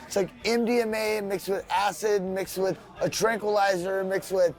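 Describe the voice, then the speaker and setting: A band member tells a rowdy story in a documentary interview, brash and full of swearing. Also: male voice, high-pitched, fairly even intonation, normal speed. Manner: brash, profane.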